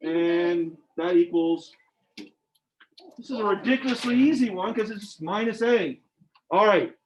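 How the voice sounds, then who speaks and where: A man's voice: high voice, lively intonation, measured pace, a little hiss or hum. A man teaching algebra to a class, informal and joking, quizzing his students as he works through problems. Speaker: math teacher. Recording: dull lo-fi classroom recording.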